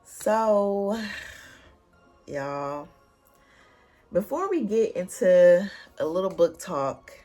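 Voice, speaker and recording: A woman's voice: on the low side, very slow, pauses often, faint music behind. A young woman hosting her own vlog and telling a story in casual, slangy chat. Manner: animated, slangy, conversational storytelling. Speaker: booktuber vlog host.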